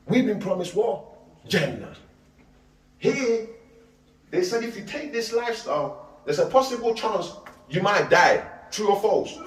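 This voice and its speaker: A middle-aged man giving an animated, slangy street talk, repeating himself and firing questions at his listeners. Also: sits high, a little hiss or hum. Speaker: street preacher. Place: outdoors on a street. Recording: echoey street audio from a distance.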